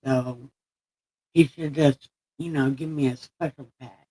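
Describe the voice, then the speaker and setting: A woman's voice: a bass voice, steady tone, unhurried, mellow, husky, poor audio. A woman live-streaming in casual chat, her speech slurred and lisping from a sore mouth with missing teeth, rambling, laughing at herself and swearing freely. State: sore mouth after having teeth pulled.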